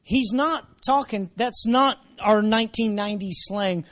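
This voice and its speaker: Pastor guy, highish voice, keeps going glory to god, gets loud then quiet. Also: a little slow, hardly any pauses. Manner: swings from low murmurs to shouted emphasis; repeats phrases, drops in praise exclamations. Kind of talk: sermon.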